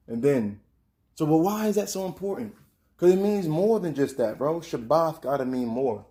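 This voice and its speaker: A man's voice: on the high side, expressive, moderate pace, mellow. A man hosting a casual spiritual monologue, talking in a slangy, conversational street style. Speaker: host.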